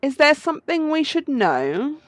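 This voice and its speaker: Woman reading a measured bird attorney. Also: high voice, very animated, no echo, soft background music, voice pushed up. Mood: probing. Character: composed male bird attorney, lead investigator. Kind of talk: game playthrough read-aloud.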